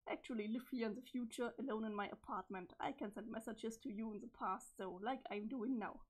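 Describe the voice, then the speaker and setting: A woman reading the part of a calm, cryptic teenage boy from the future in a webcomic, in a flat, measured delivery with a strained voice. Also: on the high side, breathy edge. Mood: deadpan. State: strained, failing voice. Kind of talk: reading a webcomic's chat logs aloud.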